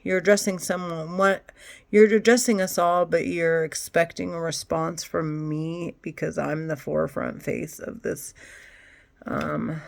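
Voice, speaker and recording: A woman vlogging alone, rambling in a halting way with sighs and nervous laughs. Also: deep voice, steady tone, gravelly. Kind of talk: rambling monologue to camera.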